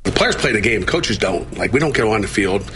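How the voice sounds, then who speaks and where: A man speaks as a football coach at a press conference, with a lowish voice. He halts often, restarts his sentences and fills the gaps. The clip played on air carries clear background noise. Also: lively intonation, a bit bright. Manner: halting, many fillers and restarts.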